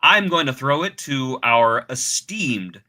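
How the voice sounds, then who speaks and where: A man's voice: medium pitch, animated, slow, pushed and bright. A man hosting a casual podcast, joking and theatrical as he banters with his co-hosts. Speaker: podcast host.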